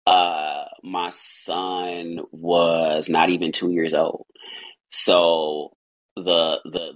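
A man's voice: low-pitched, a bit bright, low-quality recording. A man who heads a company, speaking as a podcast guest, earnest and motivational, rambling with many restarts. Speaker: CEO guest. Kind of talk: podcast interview, motivational talk.

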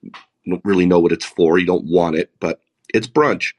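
A man with a baritone voice hosting a live podcast, talking through the week's news with sarcastic asides. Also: moderate pace. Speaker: podcast host. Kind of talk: solo podcast monologue.

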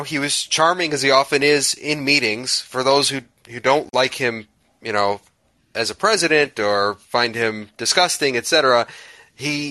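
A man with a bright, forceful voice leads an interview, winding through a long anecdote with plenty of ums and self-corrections. The sound is dry and close. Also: mid-range voice, no echo. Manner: rambling, hesitant, full of fillers. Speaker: podcast host. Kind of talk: conversational interview question.

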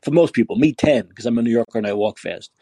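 A man rants into the mic, sarcastic and profane, wandering off on tangents. His husky voice swings up and down with lively pitch. The sound is dry and close. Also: fast talker, dry recording. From New York. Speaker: podcast host. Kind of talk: ranting monologue.

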